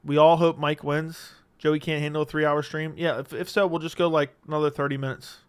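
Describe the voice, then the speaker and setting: A man's voice: fairly high pitch, little pitch movement, brisk, clean tone. A man hosting a casual livestream, reading viewer messages, laid-back and swearing freely into a studio mic at home. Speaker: livestream host. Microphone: studio dynamic mic.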